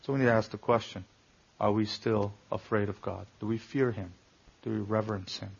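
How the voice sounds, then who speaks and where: A male pastor preaching a sermon in a gravelly, husky voice. He asks the congregation pointed rhetorical questions and pushes hard on key words. The recording is dull and lo-fi. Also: on the low side, steady tone, fairly quick.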